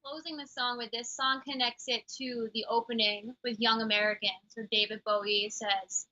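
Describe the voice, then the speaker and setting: A woman speaking in a casual podcast chat, making a thoughtful, measured point. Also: a little high, flat delivery, pushed and bright. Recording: slightly dull lo-fi sound.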